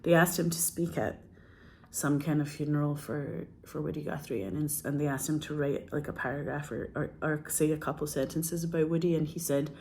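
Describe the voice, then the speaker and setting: A woman's voice: deep voice, moderate pace, a little mellow, a little hiss or hum. A woman who is a filmmaker, telling a personal story in a casual, earnest, rambling way full of fillers and restarts.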